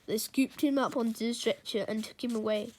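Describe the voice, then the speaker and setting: A woman reading a children's storybook aloud, in a gentle read-aloud manner. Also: a little high, steady tone, brisk.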